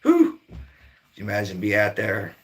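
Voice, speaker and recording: Gravelly middle-aged man chatting casually. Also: on the low side, unhurried, fairly bright tone. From Maryland, near Baltimore. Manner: rambling, laid-back, swears a lot. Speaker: livestream host. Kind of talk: casual livestream chat.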